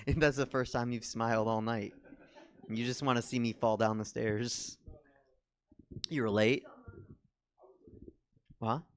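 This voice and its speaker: A man's voice: medium pitch, fairly even intonation, takes it slowly, long pauses. A man in his forties doing stand-up as the host of a small comedy show, rambling and self-deprecating, with lots of fillers. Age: 40s. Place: small comedy theater stage.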